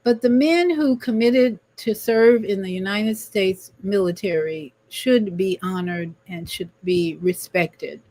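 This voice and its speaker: A woman's voice: medium pitch, slow pace, few pauses, mellow. Preachy woman hosting a livestream talk. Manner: preachy, emphatic, repeats words. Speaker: livestream host. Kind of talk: spiritual talk show monologue.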